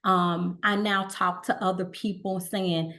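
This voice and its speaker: A middle-aged woman guest telling her story in a relaxed conversational way, acting out the voices of the people she quotes. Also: on the low side, measured pace. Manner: animated, acts out quoted dialogue.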